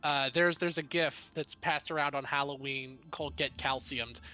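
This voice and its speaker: A man's voice: medium pitch, steady tone, normal speed, bright, forceful tone, lo-fi sound, soft background music. A man narrating a tabletop game as game master, loose and laughing, with lots of fillers.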